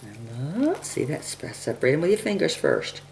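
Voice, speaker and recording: A woman with a very low, gravelly voice walks through a recipe in her home kitchen, chatting as she goes and clearing her throat often. Her pitch moves around a lot, and chopping and clattering dishes are clearly heard behind her in this home video. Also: big pitch swings, moderate pace, a little mellow, a little hiss or hum. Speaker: home cook demonstrating a recipe. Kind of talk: casual cooking demonstration. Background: chopping, dishes and cutlery clatter.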